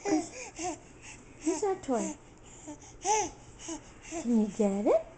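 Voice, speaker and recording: An older woman coos baby talk to an infant in a slow, coaxing sing-song. Her voice swoops up and down with lively pitch. She is a grandmother talking at home. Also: background noise. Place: bedroom at home.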